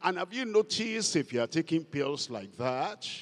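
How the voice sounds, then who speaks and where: A man's voice: fairly high pitch, very animated, moderate pace. Man, pastor, sermon, emphatic, repeats key words, long hall reverb.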